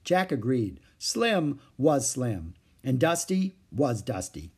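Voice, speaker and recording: A man reads a children's chapter book aloud, his voice husky and mid-pitched. The delivery is lively and expressive, rising and falling as he tells the story. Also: slow pace. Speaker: narrator.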